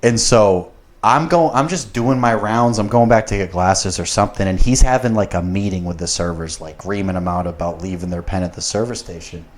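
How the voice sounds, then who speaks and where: A young man with a slightly low voice tells a workplace story on a podcast. He rambles and swears a lot, piling on fillers and asides. He gets heated as the story builds. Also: a little fast. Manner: profane and rambling, gets worked up. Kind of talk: casual storytelling.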